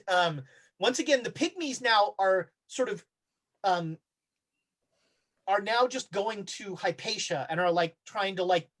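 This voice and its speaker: Halting tabletop game master. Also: male voice, sits high, fairly bright tone. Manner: halting narration with many fillers. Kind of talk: narrating a tabletop horror game.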